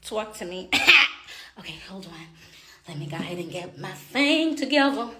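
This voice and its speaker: A woman's voice: medium pitch, lively intonation, moderate pace, fairly bright tone, roomy sound. A woman with a Jamaican accent chatting casually on a livestream, sassy and talkative, calling her viewers honey and baby. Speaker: makeup artist and livestream host. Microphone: phone on a makeshift tripod.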